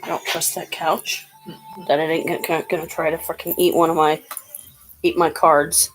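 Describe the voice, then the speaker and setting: A woman with a slightly low voice talks through a tarot reading in a loose, chatty way. She rambles and drifts between thoughts, with plenty of ums and you-knows. Faint music sits in the background. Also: flat delivery, normal speed, rough recording. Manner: chatty and rambling, with many fillers. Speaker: tarot reader. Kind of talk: casual tarot card reading.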